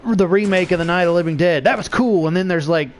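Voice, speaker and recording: A man's voice: high-pitched, fast, a little hiss or hum. A middle-aged man chatting casually while playing a game, rambling and swearing freely with frequent laughs. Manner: rambling, profane, laughs often. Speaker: gaming vlogger. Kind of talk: casual gameplay chat.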